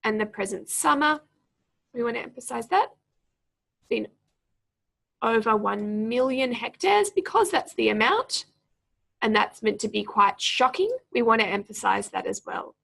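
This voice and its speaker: A young adult woman teaching as a speaking tutor, explaining pauses and stress and reading a passage aloud clearly and deliberately. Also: on the high side, sing-song, a bit bright. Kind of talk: exam prep lesson.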